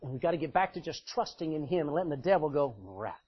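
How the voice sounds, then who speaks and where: A middle-aged male preacher giving a sermon in an emphatic, folksy way, swinging between loud declarations and quiet asides. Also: on the high side, quick pace, husky, dull audio.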